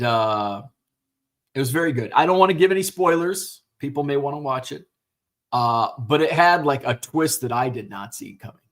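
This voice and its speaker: Casual male stream host, middle-aged, rambly and unpolished, talking into a computer mic. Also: medium pitch. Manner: rambling, many fillers and restarts, swears casually. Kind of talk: casual livestream chat.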